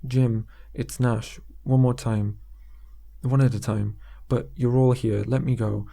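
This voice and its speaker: A man's voice: mid-range voice, steady tone, takes it slowly, vocal fry, dark tone. A man voicing a desperate young male insurance salesman who is breaking down, frantic and pleading. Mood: rambling.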